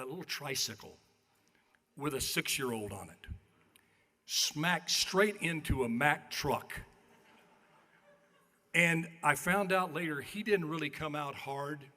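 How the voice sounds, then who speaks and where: At a podium microphone in a large hall, an older man accepting an award tells folksy, self-deprecating after-dinner stories. He sounds a little high, expressive, pushed and bright, speaking at normal speed, with long banquet hall reverb.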